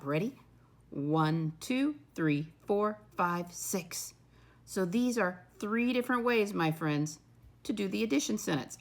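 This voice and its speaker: Patient woman teaching young children. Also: medium pitch. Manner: patient, encouraging, often says "my friends"; counts aloud slowly and clearly. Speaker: first-grade teacher. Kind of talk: recorded classroom lesson.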